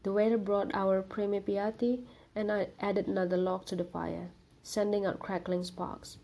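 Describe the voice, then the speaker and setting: A woman reading a short story aloud in a calm, measured narration. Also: mid-range voice, vocal fry, dull audio. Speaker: reader.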